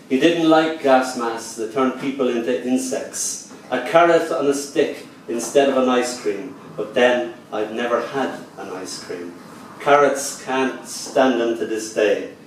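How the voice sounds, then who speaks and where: A man, a poet and event host, giving a lilting live poetry reading in a bar, with soft, hushed passages. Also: medium pitch, recorded from a distance, a little hiss or hum. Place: bar venue. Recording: echoey room recorded from afar.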